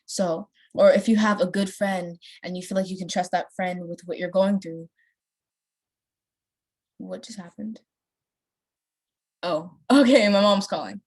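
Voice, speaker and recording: A young woman talks in a loose, chatty way while she plays a story game. She rambles from thought to thought, fills the pauses with "um" and "like", and laughs easily at small things. Her pitch sits in an ordinary middle range. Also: steady tone, darkish tone. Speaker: gameplay vlogger. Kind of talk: casual chat while playing a story game.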